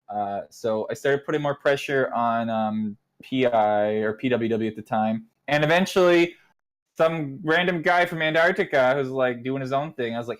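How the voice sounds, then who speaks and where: A young man leads his online group through its history in a relaxed, rambling way. He keeps slipping into quick impressions of what everyone said, and his voice sits at an ordinary middle pitch. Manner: rambling, acts out quoted exchanges. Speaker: nation leader recounting community history. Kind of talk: casual storytelling to an online community.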